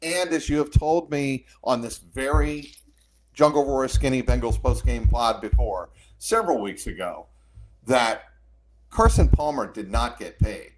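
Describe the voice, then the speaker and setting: Male podcast co-host, mid-pitched, measured and punchy delivery. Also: animated, a little hiss or hum. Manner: measured, punchy, firm declarations. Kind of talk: casual sports talk.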